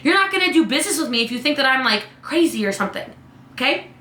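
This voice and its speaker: Woman, live coaching host, high and bright, sassy and chatty, roomy sound. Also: animated, fast talker. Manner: chatty, playful, sassy, peppered with "like" and "okay?". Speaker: business coach. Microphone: webcam.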